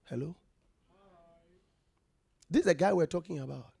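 A man's voice: fairly high pitch, normal speed, gravelly, darkish tone, breathy edge, no room sound. A man preaching a sermon in a church, reading scripture aloud and quizzing the congregation for answers.

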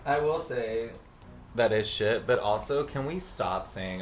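A man with a fairly low voice chatting casually on a podcast. He drops wry, joking asides, with a faint hiss of noise behind him. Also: very animated, moderate pace. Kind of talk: casual chat.

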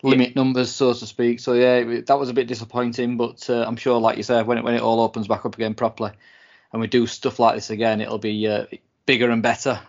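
A man's voice: mid-range voice, flat delivery, fast. A man co-hosting a podcast, chatting casually and hesitantly, often repeating words. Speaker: podcast co-host. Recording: dull lo-fi sound.

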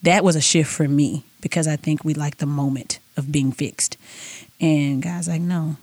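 Woman guest, middle-aged, expressive storyteller, low voice, dry close sound. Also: moderate pace, no room sound. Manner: animated storytelling, acts out dialogue, laughs often. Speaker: guest, author and speaker. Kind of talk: faith podcast conversation.

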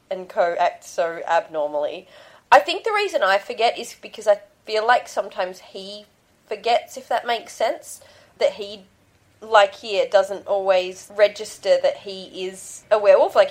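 Giggly woman podcast host. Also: medium pitch. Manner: giggly, animated when quoting scenes. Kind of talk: casual fan podcast chat.

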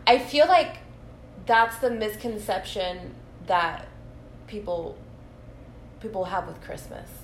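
A tired woman co-hosting a casual faith podcast, playful and quick to laugh. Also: medium pitch, lively intonation, a little hiss or hum. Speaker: podcast co-host. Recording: echoey room.

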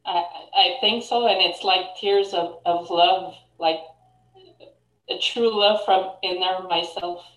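A woman's voice: on the low side, fairly even intonation, fairly bright tone. A woman caller speaking hesitantly through tears on a video call. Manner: hesitant, halting, emotional. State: teary. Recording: echoey and distant.

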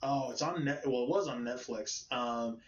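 A man's voice: medium pitch, moderate pace. A man from the United States tells stories in a loose, rambling way, swearing freely and laughing often. His voice comes from far off the mic in a roomy space. The audio is dull and lo-fi. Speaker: conversation partner. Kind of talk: casual chat.

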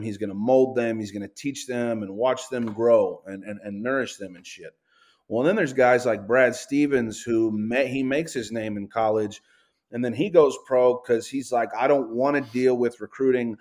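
A man ranting on a casual sports podcast, swearing and tripping over his words, saying he is high. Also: a little mellow. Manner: profane, ranting, stumbles and repeats words. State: says he is high. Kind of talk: heated casual sports talk.

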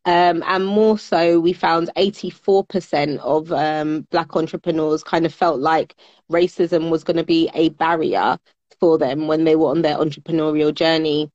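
A woman with a British accent speaks as an interview guest in a low, even, fairly flat voice. She sounds measured and articulate and uses a lot of fillers. The audio is dry and a little dull, like a remote call recording. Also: no echo. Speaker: guest, business network founder. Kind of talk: conversational interview.

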